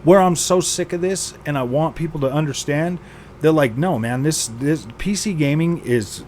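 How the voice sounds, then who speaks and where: Man, gaming vlog host, exasperated rant, repeats himself, sighs, slightly high voice, faint background hiss. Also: normal speed, darkish tone. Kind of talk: frustrated venting vlog.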